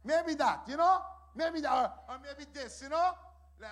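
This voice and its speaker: A pastor with a very high voice and lively intonation preaches a sermon at a moderate pace. He swings between quiet asides and loud, sing-song shouted declarations, repeating phrases for emphasis.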